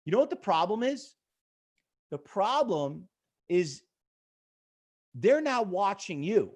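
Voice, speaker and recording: A man's voice: high-pitched, very animated, a little slow, long pauses. A man teaching a live trading webinar, blunt and pushy with viewers, rambling with many fillers. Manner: rambling, chatty, full of fillers. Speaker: trading educator.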